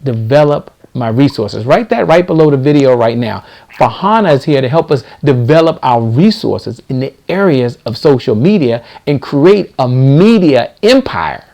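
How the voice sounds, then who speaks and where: A man's voice: mid-range voice, very animated, moderate pace, creaky, darkish tone. A middle-aged man hosting a live stream, speaking in a preachy, motivational way and repeating key lines for emphasis. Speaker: host.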